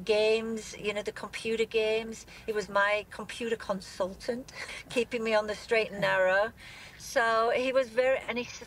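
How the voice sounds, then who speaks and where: A grieving woman with an English accent, from England, speaking in a live news interview from a moving car, tearful, halting and breaking off her sentences. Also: mid-range voice, a bit bright, slight background noise, low-quality recording.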